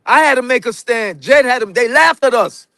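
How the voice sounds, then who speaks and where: A middle-aged man with a Jamaican accent that comes and goes, pitched notably high for a man. He talks emphatically and tells his story in a loose, preaching way, calling the listener brethren. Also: lively intonation, moderate pace, sharp tone, dry recording. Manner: emphatic storytelling, drifts in and out of patois, says "brethren". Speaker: guest. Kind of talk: casual live-stream interview.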